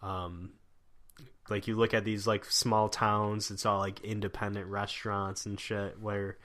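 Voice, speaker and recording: A man's voice: on the low side, little pitch movement, measured pace, a bit bright. A young American man in casual chat, rambling with lots of fillers and restarts. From United States.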